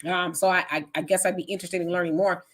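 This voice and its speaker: A woman's voice: fairly low pitch, fairly even intonation, fast talker. A woman hosting a live political talk stream, reading viewer comments aloud and arguing back in casual, emphatic speech. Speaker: host.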